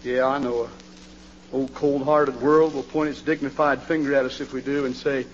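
A male preacher delivering a fiery revival sermon in a church, swinging from hushed pleading to hollering. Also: medium pitch, flat delivery, normal speed, a little hiss or hum. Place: church sanctuary. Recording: dull, reverberant old church recording.

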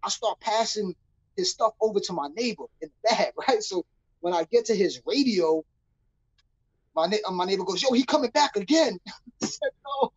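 A man's voice: high voice, animated, normal speed, breathy edge, low-quality recording. A young man from New City, telling a story as a guest in a casual interview and acting out the voices he quotes in street slang. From New York City. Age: young adult.

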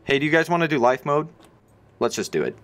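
A man's voice: fairly high pitch, very animated, fast talker, a bit bright. Joking man explaining a game. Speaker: let's play host. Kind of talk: casual gaming commentary.

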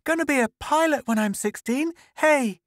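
A man voicing an excited young boy who shouts as he plays at being a rocket, in an audiobook story. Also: extremely high pitch, moderate pace, no echo, clean studio sound, voice pushed up. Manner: loud, breathless shouting.

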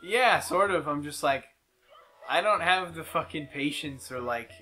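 A young man co-hosting a video game playthrough in casual, blunt, profane chat, slipping into quick mock voices. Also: fairly high pitch, expressive, pushed and bright. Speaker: co-host playing a video game.

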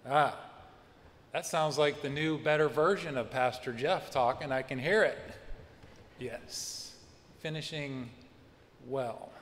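A pastor delivering a sermon in a church, expressive, acting out the people he quotes. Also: a little high, moderate pace, in a large hall, slight background noise. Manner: expressive preaching with acted-out quotes. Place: church sanctuary.

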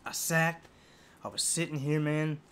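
A man's voice: fairly high pitch, measured pace, fairly bright tone, clean tone. A man hosting a music reaction video, talking in a casual, profane, rambling and heartfelt way, emotional as he speaks.

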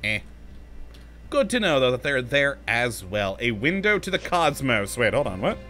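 Casting note: male let's-play host, bright, forceful voice, chatty and frustrated with the game, faint music underneath. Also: mid-range voice, very animated, moderate pace. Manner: talks to himself, easily exasperated, laughs often. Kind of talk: casual gameplay commentary.

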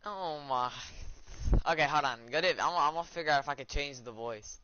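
A man's voice: on the high side, a little fast, pushed and bright. A young man in casual chat while gaming, laid-back and teasing, laughing often. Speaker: gamer. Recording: lo-fi game chat with noise.

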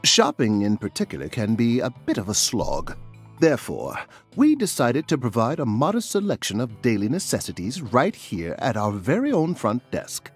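A man voicing an overly polite, servile hotel front desk clerk in a video game, with formal, elaborate phrasing and a husky voice. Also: medium pitch, wildly swooping pitch, moderate pace, faint music behind, exaggerated voice. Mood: fawning.

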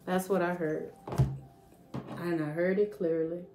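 A woman's voice: lowish voice, fairly even intonation, unhurried, over music. A woman giving a casual, rambling tarot reading, thinking aloud with fillers and trailing thoughts. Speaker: tarot reader.

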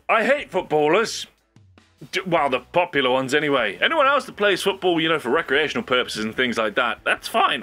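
A young man hosting his own video, talking casually and rambling with frequent laughs. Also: on the high side. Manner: animated, rambling, laughs often. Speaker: YouTube host. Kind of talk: casual solo commentary.

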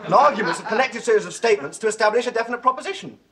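A man's voice: high-pitched, very fast, a crowd in the background, close to an everyday voice. A man playing an indignant customer. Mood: exasperated. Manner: protesting, indignant, keeps insisting. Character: indignant male customer, exasperated. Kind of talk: 1970s TV sketch comedy. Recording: hissy old TV recording.

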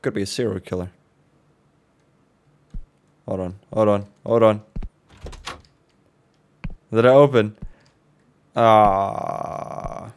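A man casually commenting while playing a horror game, joking, reacting fast and swearing now and then. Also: lowish voice. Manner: jokey, swears, quick reactions. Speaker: let's play host.

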